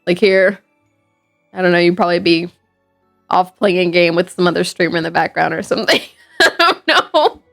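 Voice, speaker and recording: A woman's voice: lowish voice, flat delivery, a little fast, creaky, pauses often. A woman streamer, chatting playfully with her viewers, teasing and laughing a lot. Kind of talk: casual live-stream chat while gaming. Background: faint game music.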